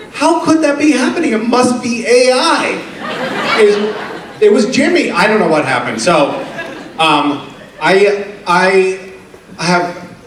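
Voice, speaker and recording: A middle-aged man telling funny stories to a convention crowd, animated and often laughing. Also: slight background noise. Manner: animated, laughing, drops into a deep gravelly put-on voice for quotes. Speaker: convention panel guest. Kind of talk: casual storytelling on stage. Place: convention hall stage. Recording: echoey hall, distant mic.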